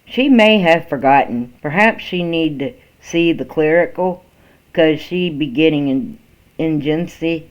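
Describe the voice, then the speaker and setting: A man's voice: fairly high pitch, a little slow, pitched above the performer's own voice, lightly acted. A man voicing a mischievous teenage boy who talks smugly while feigning innocence, on a dull lo-fi recording. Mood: sly innocence.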